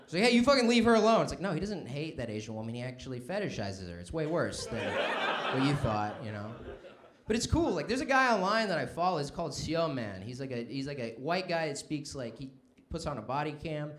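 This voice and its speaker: A man's voice: medium pitch, very animated, fairly quick. Rambling young man doing stand-up. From Southern United States. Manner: rambling, self-deprecating, lots of fillers and asides to the crowd. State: tipsy. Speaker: stand-up comedian. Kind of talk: stand-up set. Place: comedy club stage.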